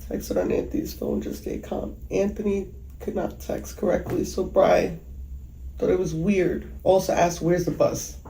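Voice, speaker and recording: A woman giving emotional interview testimony as a mother, halting and hesitant with many pauses. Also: on the low side, fairly even intonation, gravelly, dark tone. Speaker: mother recounting a killing. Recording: echoey room with faint background noise.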